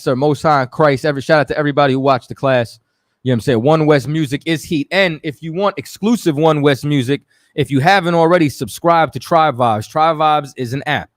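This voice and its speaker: A man's voice: fairly high pitch, no echo, clean studio sound. Easygoing New man hosting a show. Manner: loose and conversational, shouting out viewers. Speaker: radio show host. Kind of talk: casual live-stream talk.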